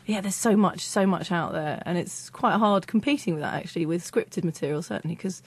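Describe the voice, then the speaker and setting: A woman's voice: on the low side, fairly quick, a little mellow, breathy edge, no echo. A woman comedy writer answering interview questions in a chatty way, full of "sort of" and "you know". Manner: chatty, hedging with fillers.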